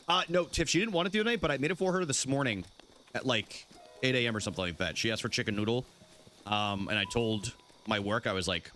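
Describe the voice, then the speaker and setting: Animated goofy young man streaming a game. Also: fast, a little hiss or hum. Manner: goofy, banters with chat, animated swings in pitch. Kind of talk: casual live gameplay chat.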